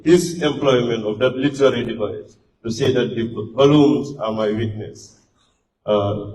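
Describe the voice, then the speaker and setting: A man's voice: lowish voice, a little mellow. A man working as master of ceremonies at a book launch, speaking formally with frequent hesitations. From Gambia. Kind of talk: formal event hosting. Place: event hall. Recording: echoey hall, distant mic, faint noise.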